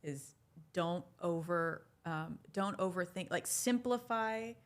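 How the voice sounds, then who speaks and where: A woman's voice: fairly low pitch, slow pace. A woman hosting a podcast interview, affirming her guest and asking reflective questions. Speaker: podcast host.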